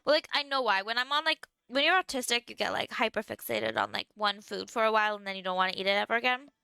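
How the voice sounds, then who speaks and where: A woman's voice: fairly high pitch, quick pace, gravelly, bright, forceful tone, smooth, dry recording. A young woman streamer chatting casually with viewers while she eats, filling her talk with "like". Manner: chatty, lots of "like", talking while eating. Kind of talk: casual livestream chat.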